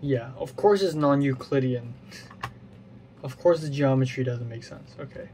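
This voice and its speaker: A man's voice: mid-range voice, normal speed, warm tone, slight background noise. A man hosting his own gaming video, thinking aloud and muttering to himself as he works through a puzzle, often mocking himself. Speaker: gaming channel host. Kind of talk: playing a puzzle game while thinking aloud.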